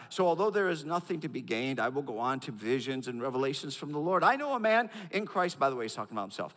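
Man preaching in an echoing hall. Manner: swings from loud emphatic highs to low quiet asides; repeats words when building a point. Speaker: pastor. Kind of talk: sermon. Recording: long hall reverb.

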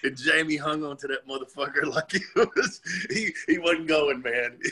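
A former wrestler guest recalling his early career in a relaxed, profane way. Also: on the high side, takes it slowly, slightly rough. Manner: laid-back, swearing, chuckling. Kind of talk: casual storytelling.

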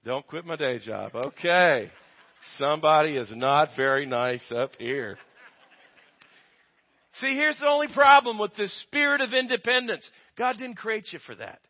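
Slightly high and very animated, this American pastor's voice moves a little slowly as he preaches, putting questions to the congregation and waiting for replies. His call-and-response delivery alternates between loud and soft, heard through a dull lo-fi recording.

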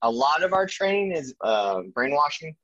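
A man, an army veteran, telling war stories in a casual interview, animated and full of fillers and restarts. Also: on the high side, moderate pace, no echo. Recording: dry, dull lo-fi sound.

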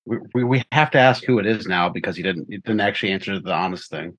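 A man playing a tabletop game, speaking haltingly and repeating words. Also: low-pitched, a bit bright. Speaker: player. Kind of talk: casual tabletop game play.

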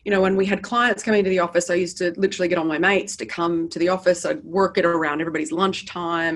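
A middle-aged woman with an American accent, a business founder telling her story as an interview guest in a candid, lively and self-deprecating way, recorded in an office. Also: lowish voice, a little hiss or hum.

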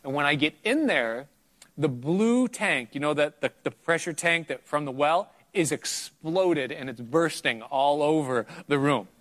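Man, middle-aged, preacher, conversational sermon, earnest storytelling, fairly high voice. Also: unhurried, fairly bright tone. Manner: earnest, anecdotal, rises in pitch for emphasis. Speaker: preacher sharing testimony.

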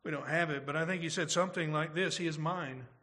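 Male pastor, high bright voice, earnest preaching with rhetorical questions. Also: fairly even intonation, fast talker. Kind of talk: sermon.

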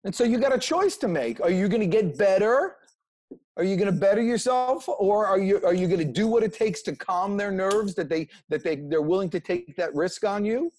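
A man being interviewed, giving energetic, preachy motivational advice in casual talk. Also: sits high, moderate pace. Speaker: interview guest, sales motivator.

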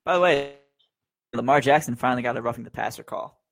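A man's voice: mid-range voice, fast talker, vocal fry, a little hiss or hum. A man hosting a casual sports podcast, talking in an easygoing way as he wraps up the show. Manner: easygoing, brings the show to a close. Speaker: podcast host.

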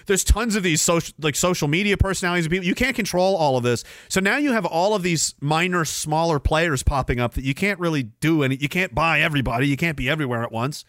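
A man's voice: on the high side, quick pace, hardly any pauses, a bit bright, no echo, studio quality. Brash, sarcastic Canadian man ranting. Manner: crude, sarcastic, rambling, with frequent restarts. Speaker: livestream host. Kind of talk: casual ranting livestream monologue.

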